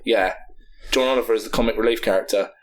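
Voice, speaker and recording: A man co-hosting a comedy podcast who casually tells a film pitch, rambling, swearing freely and talking with enthusiasm. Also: fairly even intonation, quick pace.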